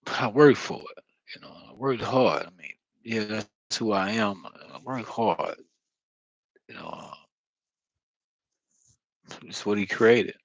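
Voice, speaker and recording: A man with a low voice talks through a rambling spiritual monologue, full of fillers and long sighs. He is earnest and blunt, swearing now and then. The sound is dry and close. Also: lively intonation, dry recording, lo-fi sound. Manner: halting, with many fillers and heavy sighs. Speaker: spiritual vlogger.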